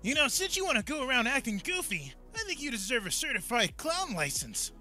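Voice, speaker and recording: A man's voice: extremely high pitch, big pitch swings, a little fast, pushed and bright, faint music behind, full character voice. An actor playing a smug, teasing cartoonish man in a short clip played as a sound alert.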